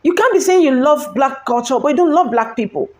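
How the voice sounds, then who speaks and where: A woman's voice: high voice, animated, fairly quick, a little mellow. A woman earnestly addressing her community to camera in a rallying tone. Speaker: social media commentator.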